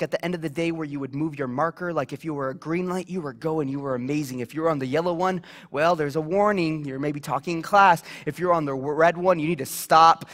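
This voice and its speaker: A man's voice: high-pitched, fairly bright tone. A young man giving a sermon in a church, chatty and self-deprecating, telling childhood stories between scripture readings, with many fillers and restarts. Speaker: preacher. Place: church sanctuary.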